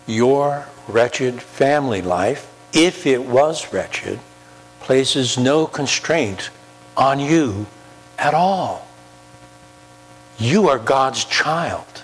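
A man preaching a sermon, emphatic, with slow drawn-out pauses and repeated key phrases. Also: medium pitch, lively intonation. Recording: long hall reverb with faint mains hum.

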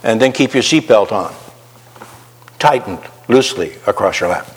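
A man's voice: on the low side, animated, slightly rough, big-room sound. A man preaching a sermon, asking the listeners questions and acting out the voice of conscience. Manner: slow, rhetorical questions, acts out the inner voice. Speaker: pastor.

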